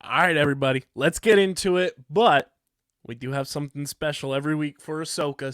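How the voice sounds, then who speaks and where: A man's voice: on the high side, no room sound, clean studio sound. A man hosting a podcast, reading ads and reviewing an episode with enthusiasm while tired late at night. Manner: energetic, enthusiastic, fast ad reads. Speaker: podcast host.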